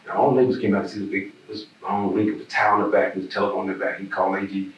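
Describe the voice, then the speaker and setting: A man's voice: sits low, level tone, very fast. A man with a Southern American accent telling stories in a casual oral history interview, rambling and repeating words. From Birmingham, Alabama. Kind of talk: casual storytelling. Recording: echoey room, distant mic, faint hiss.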